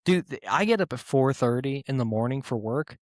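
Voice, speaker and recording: A man rambles through a casual solo podcast, swearing freely and poking fun at himself in quick bursts. His voice sits in a middle pitch, and the recording is dry and close with no room sound. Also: animated, dry recording. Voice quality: rambling, profane, self-mocking, quick bursts. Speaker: podcast host.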